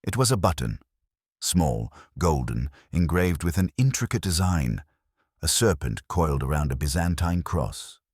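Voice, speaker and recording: A man's voice: a bass voice, sing-song, measured pace, darkish tone, husky, no echo, studio quality. A man giving scripted audiobook narration of a mystery story with dramatic storytelling.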